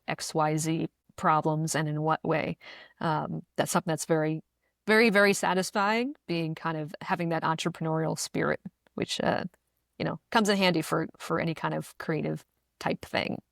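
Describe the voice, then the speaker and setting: A woman from New Jersey chats on a podcast in a slightly low voice. Her delivery has a smooth, news-anchor polish, broken up by easy laughter. The sound is dry and close, with no room around it. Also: no room sound. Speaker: podcast co-host, video producer. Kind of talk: casual podcast chat.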